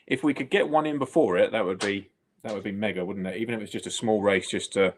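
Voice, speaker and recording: A man co-hosting a casual live stream, talking in a relaxed, easygoing way. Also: lowish voice, fast, a little hiss or hum. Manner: relaxed, easygoing, with short replies. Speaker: co-host.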